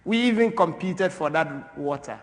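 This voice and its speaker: A man from Ghana giving an impassioned talk in a church, swinging between loud, forceful bursts and quiet asides. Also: a little high, moderate pace. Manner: animated, swings from loud to soft. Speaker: speaker at a church. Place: large church. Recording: long reverb of a large church.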